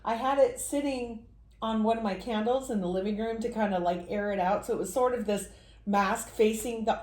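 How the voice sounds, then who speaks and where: A woman's voice: a little high, normal speed, a little mellow. Woman podcast host, roomy room sound. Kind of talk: casual chat and reading notes. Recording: roomy echo.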